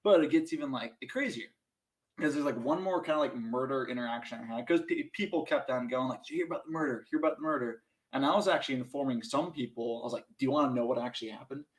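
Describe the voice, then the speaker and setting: A young man from Minnesota tells a story on a podcast, animated and loose, slipping into other voices and filling every pause with "like." His pitch sits right in the middle for a man. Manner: animated, acts out voices in his stories, many "like" fillers. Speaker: podcast guest. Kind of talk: casual storytelling.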